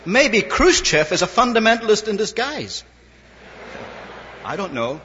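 In an old, lo-fi recording from a reverberant hall with slight background noise, a man preaches a sermon full of anecdotes, acting out the dialogue of the people in them. His voice is high-pitched, very animated, bright and forceful, yet unhurried.

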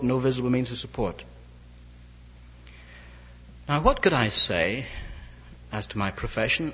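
A man's voice: medium pitch, husky. An older man from Ireland, an evangelist telling a wry, anecdotal story in a sermon. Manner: wry, anecdotal, lively inflection. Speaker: evangelist preacher. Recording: dull lo-fi recording, long hall reverb.

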